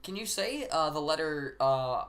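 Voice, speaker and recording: A man streamer bantering casually on a live stream, making teasing deadpan requests with occasional laughing asides. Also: on the high side, a little slow.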